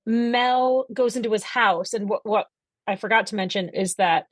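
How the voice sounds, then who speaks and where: A woman on a podcast recaps an old TV episode in loose, casual chat. She acts out the characters' lines and swears for emphasis. Her voice sits at a middle pitch, and the sound is close and dry. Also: normal speed, no room sound. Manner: animated storytelling, quotes characters, swears for emphasis. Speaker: podcast co-host.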